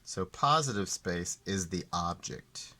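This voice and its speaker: Slow deep-voiced male art teacher. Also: lively intonation, pushed and bright. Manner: slow, deliberate, repeats key terms. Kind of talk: classroom explanation.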